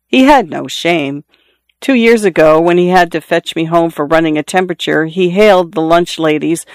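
Man with a smooth, measured reading voice. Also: fairly high pitch, no room sound. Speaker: audiobook narrator. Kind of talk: literary first-person narration.

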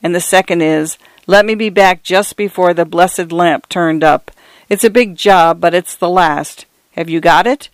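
A man's voice: sits high, measured pace, dry recording. A man putting on a flustered little everyman. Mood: commanding. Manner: plain common speech, flustered pleading. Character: bewildered, panicky ordinary little man.

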